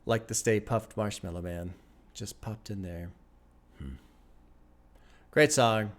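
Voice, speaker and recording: A man's voice: lowish voice, takes it slowly. A man hosting a music reaction video, musing and rambling in casual commentary, chuckling often and sometimes dryly sarcastic. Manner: wry sarcasm.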